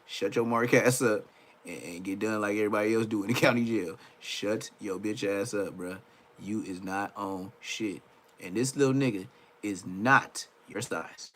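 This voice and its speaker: A man's voice: on the low side, fairly bright tone. A man giving casual reaction commentary on a video, profane and mocking, who laughs often. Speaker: reaction streamer.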